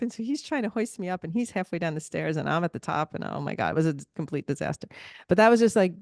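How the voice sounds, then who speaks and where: Podcast co-host, woman, low register, animated storyteller who laughs easily, dry close recording. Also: fast, gravelly, no echo. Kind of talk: casual chat.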